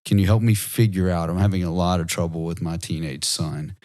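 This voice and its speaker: Very deep-voiced male podcast host. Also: fairly quick, a little mellow. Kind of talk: casual conversation.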